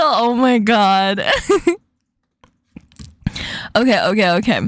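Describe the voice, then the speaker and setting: A woman's voice: mid-range voice, big pitch swings, a little slow, slight background noise. A woman hosting a casual chat stream, giggling often and swearing casually. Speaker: streamer host.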